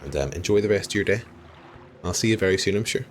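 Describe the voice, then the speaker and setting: A young Irish man with a deep, low-pitched voice streams a game live and chats easily with his viewers. He talks loosely, laughs a lot and apologizes often. A faint hum of noise sits under his voice. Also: expressive, fast talker. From Ireland. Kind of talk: live gameplay commentary chatting with viewers.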